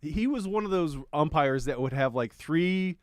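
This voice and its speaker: A married man with a slightly raised pitch, co-hosting a radio talk show and earnestly laying out sports stories. The sound is dry and close on a studio mic, with no reverb. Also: animated, normal speed. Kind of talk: casual banter.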